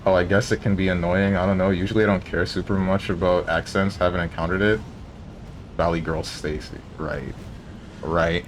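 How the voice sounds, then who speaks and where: Give me a man with a lowish voice joking around while streaming a game. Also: little pitch movement, moderate pace, background noise. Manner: joking, banter with chat. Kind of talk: casual chat while playing a video game.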